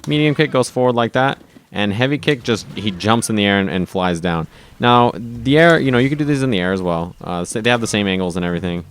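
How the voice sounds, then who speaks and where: Casual low-voiced man explaining gameplay. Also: expressive, quick pace, a little hiss or hum. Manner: casual, enthusiastic, frequent "right?" and restarts. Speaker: fighting game video host. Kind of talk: gameplay commentary tutorial.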